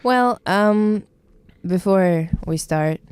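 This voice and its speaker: A young woman co-hosting a casual podcast chat, talking in a calm, soft, low-key way. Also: drawn-out words, smooth, dry recording. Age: young adult. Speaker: podcast co-host.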